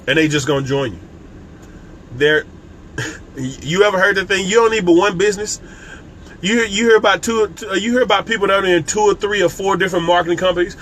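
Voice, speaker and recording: Emphatic high-voiced male business coach. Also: a little fast, a bit bright, slight background noise. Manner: emphatic and repetitive, addressing viewers directly; casual and conversational, with frequent restarts. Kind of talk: live-streamed motivational talk.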